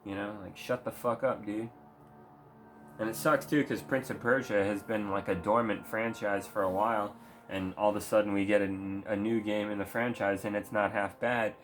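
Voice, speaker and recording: A man's voice: lowish voice, fairly even intonation, normal speed, a bit bright, faint music behind. A man ranting casually about video games, foul-mouthed and rambling, mocking what he talks about. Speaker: gaming vlogger. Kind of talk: profane casual rant.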